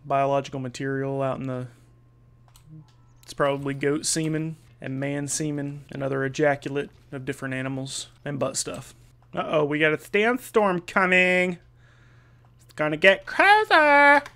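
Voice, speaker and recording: A man giving casual, joking commentary while playing a video game, excitable and cursing freely. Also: a little high, moderate pace, smooth. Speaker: gameplay video host. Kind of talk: casual let's-play commentary.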